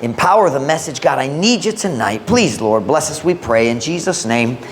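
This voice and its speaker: A male pastor reading scripture, praying and preaching a sermon in a church, switching between English and Visayan with slow, emphatic phrasing. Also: mid-range voice, expressive, a little hiss or hum. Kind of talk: sermon, Bible reading and prayer.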